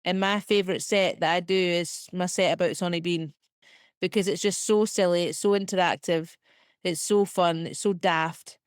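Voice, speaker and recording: A young woman with a Scottish accent, a comedian talking chattily as a podcast guest, full of "like" and quick laughs. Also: on the low side, steady tone, clear, resonant tone, no room sound, studio quality. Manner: chatty, filler-heavy, quick self-deprecating laughs. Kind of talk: casual podcast interview.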